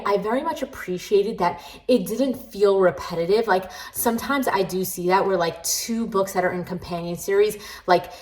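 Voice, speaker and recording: A woman's voice: mid-range voice, a little mellow, rough recording. A woman book vlogger chatting casually to camera. She is frank and critical, and peppers her talk with "like". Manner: chatty and candid, with many "like" fillers. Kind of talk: casual reading-vlog chat.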